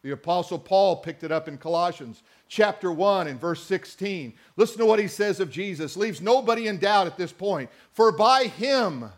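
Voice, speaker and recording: A high-pitched man delivering a sermon. He stretches scripture lines out slowly and stresses them hard. Now and then he asks the congregation to say words back with him. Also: lively intonation. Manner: emphatic, drawn-out scripture reading, calls to the congregation. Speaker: preacher.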